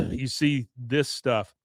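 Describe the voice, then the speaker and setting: A man hosting a podcast, casually recapping an episode in an animated storytelling way while his voice is going hoarse. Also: mid-range voice, extremely slow, dry recording, clean studio sound. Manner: animated storytelling, frequent "uh" and "you see". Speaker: podcast host.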